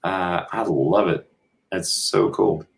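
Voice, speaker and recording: A deep-voiced American man talks loosely as a guest on a video call. He rambles along, piling up fillers and restarting his sentences. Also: steady tone, takes it slowly, creaky. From United States. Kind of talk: casual chat.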